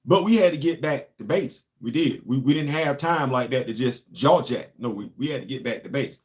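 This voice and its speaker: A man's voice: mid-range voice, lively intonation, moderate pace. A man, a show host and former Marine, telling a long casual story and asking his listeners rhetorical questions.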